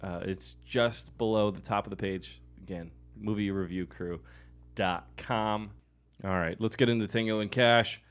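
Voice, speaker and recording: A man's voice: on the low side, fairly even intonation, a little slow, smooth, soft background music. A man co-hosting a podcast in casual chat, reading out film details and stumbling over names.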